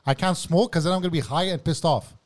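A man's voice: fairly high pitch, fast talker. A man hosting a casual podcast chat in a laid-back, teasing way, saying bro. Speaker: podcast host.

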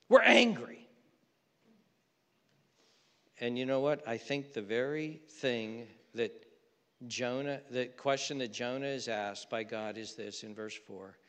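A man preaching a sermon, swinging from loud mocking outbursts to soft, earnest appeals. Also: medium pitch, long reverb tail. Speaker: pastor.

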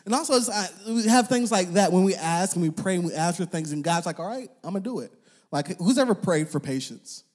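A man's voice: sits high, a little fast, hardly any pauses. A young man preaching a casual sermon in a conversational manner, with slang and filler words, acting out voices in the passages he quotes. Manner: animated, acts out quoted voices.

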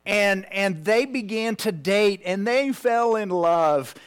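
Preacher, male, 50s, slightly higher voice, heartfelt storytelling that sinks to a hush. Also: lively intonation, slow pace, clear, resonant tone. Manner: heartfelt, drops to a hushed near-whisper at tender moments. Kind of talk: personal story in a sermon.

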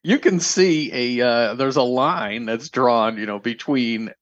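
A man of middling pitch talks casually as a podcast co-host, often breaking off and restarting his thoughts. His voice sounds dry and close to the mic. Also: dry recording, highs cut off. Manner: halting, restarts sentences often. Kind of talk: casual chat.

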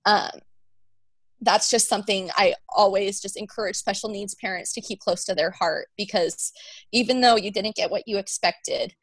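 A woman's voice: mid-range voice, normal speed, slightly rough, dry recording, rough recording. Young woman, interview guest, earnest and emotional, filler-heavy talk, dry close sound. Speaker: guest, mother of a child with Down syndrome. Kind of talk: heartfelt conversational interview.

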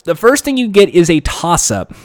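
A man telling a story with comic timing and quick asides, his pitch swinging widely. His voice sits a bit high for a man. The sound is dry and close, with little room echo. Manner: animated, jokey, self-correcting asides. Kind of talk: comedic storytelling narration.

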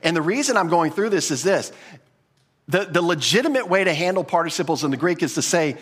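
Pastor guy teaching greek grammar, kinda high voice, lots of restarts, echoey hall. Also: expressive, brisk, a bit bright, husky. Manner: conversational, repeats words and restarts often. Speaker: pastor teaching a Bible class. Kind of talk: teaching sermon.

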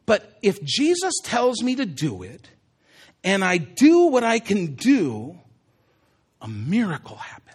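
A man's voice: high-pitched, huge pitch swings, takes it slowly, slightly rough, full character voice. A man acting out a thoughtful man working something out under his breath. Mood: musing. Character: thoughtful man piecing it together.

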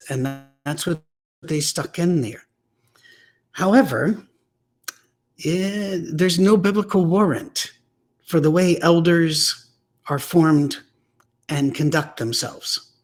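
A man giving a weekly preaching message, telling stories in a blunt, emphatic, conversational way. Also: on the high side. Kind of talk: weekly message on church teaching.

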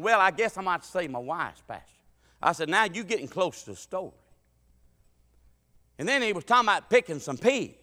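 Man preacher, bright forceful voice, a bit high, folksy storyteller, long church reverb. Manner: folksy, dialect-heavy, swings from loud preaching to quiet asides. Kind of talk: sermon with humorous storytelling. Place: church sanctuary.

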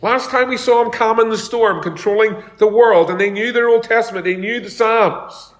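A man's voice: high-pitched, moderate pace. A man preaching a sermon as pastor, talking in a conversational way and telling homely stories. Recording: echoey room.

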